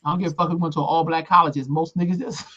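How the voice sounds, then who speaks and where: An older woman co-hosting a casual chat, outspoken and emphatic, moving between calm reflection and heated rants. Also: deep voice, racing, dull audio, background noise. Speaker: co-host.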